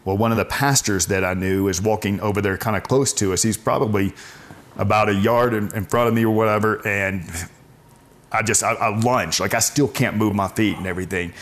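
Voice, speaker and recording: A deep-voiced man in his forties, speaking low and steady, tells a personal story to an interviewer. He is earnest and often halts and restarts his sentences. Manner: earnest, halting, with frequent restarts. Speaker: guest telling his faith story.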